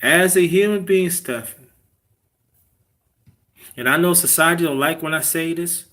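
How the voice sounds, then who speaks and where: A man with a high, bright voice hosts a casual livestream and lectures his viewers about family and marriage. He talks in a preachy way, sometimes sinking to a hushed whisper to stress a point. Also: measured pace. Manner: preachy, drops to whispers for emphasis. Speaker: livestream host.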